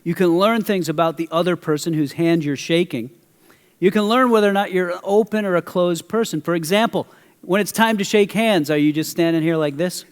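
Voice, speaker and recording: A middle-aged male pastor preaching a sermon, animated as he tells a story and questions the audience. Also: sits high, a little fast, smooth. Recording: long hall reverb.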